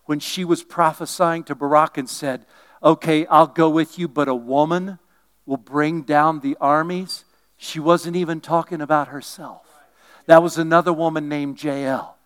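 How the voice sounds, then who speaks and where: Animated preacher, loud then hushed. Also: male voice, a little high. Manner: animated, swinging from loud bursts to quiet asides, joking. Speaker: pastor. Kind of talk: sermon.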